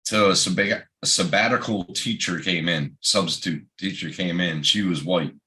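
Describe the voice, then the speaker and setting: A man's voice: low voice, moderate pace, sharp tone. A middle-aged man, telling profane, laugh-filled anecdotes in casual chat.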